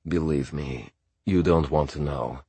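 A man reading an audiobook, voicing a cool, streetwise teenage boy with a bored, calm, offhand way of talking. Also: very deep voice, a little slow, husky, no room sound, full character voice.

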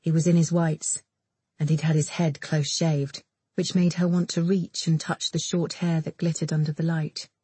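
A woman narrating an audiobook in a measured, intimate read. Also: sits low, flat delivery, dark tone, husky, no echo. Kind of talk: scripted narration.

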